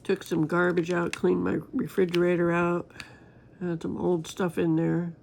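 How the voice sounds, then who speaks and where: A woman's voice: fairly low pitch, monotone, measured pace, gravelly, a little mellow, slight background noise. A woman crafting vlogger chatting casually and rambling to her viewers while she works on a diamond painting.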